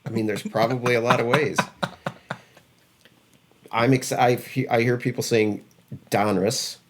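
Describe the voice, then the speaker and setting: A man's voice: mid-range voice, level tone, normal speed, heavy background noise. A man co-hosting a podcast, chatting casually about trading cards, rambling with many fillers and restarts. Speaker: podcast co-host.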